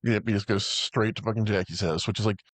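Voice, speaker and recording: A man's voice: fairly low pitch, steady tone, fast, fairly bright tone, no room sound. A man co-hosting a casual movie podcast, retelling scenes with heavy swearing, many "like" fillers and laughter. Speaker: podcast co-host. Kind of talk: casual movie recap chat.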